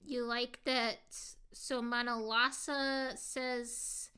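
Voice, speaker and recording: A woman's voice: a little high, fairly even intonation, unhurried, bright, forceful tone. A woman streamer in casual live chat, reading her viewers' comments aloud and answering them earnestly, saying "like" a lot. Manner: earnest, heartfelt.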